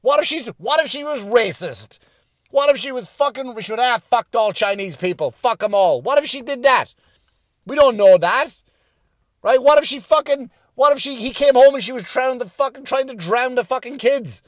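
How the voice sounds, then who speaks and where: A man ranting profanely from inside his parked car, often rising to angry shouting. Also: extremely high pitch, lively intonation, normal speed, no echo, studio quality. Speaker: podcast host. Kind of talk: profane comedic rant.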